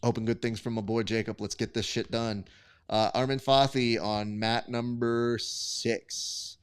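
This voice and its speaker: A man's voice: mid-range voice, flat delivery, a little slow, clean tone. A man hosting a live stream, calling grappling results and reading chat in a casual, profane, bantering way.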